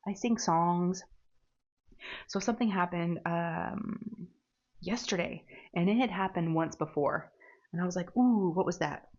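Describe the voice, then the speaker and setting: A woman's voice: on the low side, unhurried, pauses often, darkish tone, muffled recording. A woman chatting casually while she crafts, rambling and laughing at herself. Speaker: diamond painting crafter.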